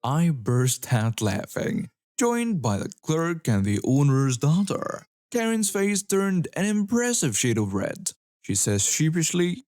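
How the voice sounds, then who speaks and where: A man reading online stories aloud as scripted narration, with an even storytelling delivery. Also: fairly high pitch, slow, dry recording, studio quality.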